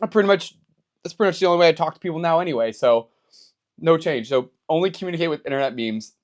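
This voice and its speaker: A man's voice: fairly high pitch, expressive, quick pace. A young man in casual vlog talk, chatty and rambling, restarting his sentences when he gets flustered. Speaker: YouTuber.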